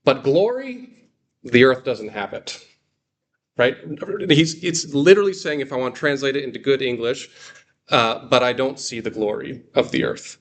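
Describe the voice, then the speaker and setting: A man's voice: medium pitch, moderate pace. A man leading a guided reading class, explaining step by step with frequent fillers and restarts. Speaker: Greek teacher.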